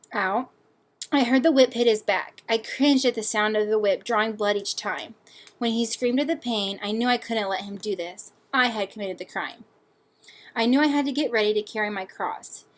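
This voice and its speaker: A young woman and student reading her personal essay aloud in an earnest, measured way. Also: on the high side.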